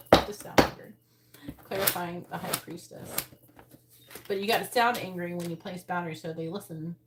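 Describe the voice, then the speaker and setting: Speaking into earbuds over loud background noise, a tarot reader works through a live reading, cursing and blunt, her anger audible. Her voice is lowish and steady, at a normal speed with long pauses.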